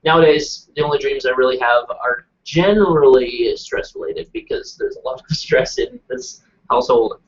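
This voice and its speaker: A man's voice: mid-range voice, normal speed, hardly any pauses. A man chatting casually on a live stream, rambling and self-deprecating. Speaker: show regular. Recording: dull lo-fi webcast audio.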